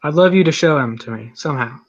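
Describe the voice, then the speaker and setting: A man's voice: on the high side, animated, quick pace, no room sound, muffled recording. A man in a debate explaining genetics in a technical, matter-of-fact way. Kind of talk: live debate argument.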